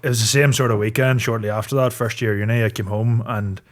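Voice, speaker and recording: A man's voice: mid-range voice, steady tone, fast talker. A young man from Northern Ireland, a podcast guest, chatting bluntly and swearing freely. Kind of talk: casual banter.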